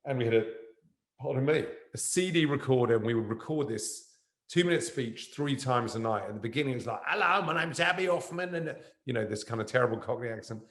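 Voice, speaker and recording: In a reverberant university event room, a guest actor tells a rambling stage anecdote that jumps around, delivered in an animated way. His voice is mid-range and his pace quick.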